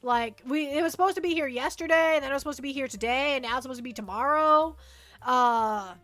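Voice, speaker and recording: A woman with a high, slightly bright voice talks fast while hosting a livestream, casually rambling through viewer questions. She repeats herself often and jokes at her own expense. The recording is dry, with faint music in the background.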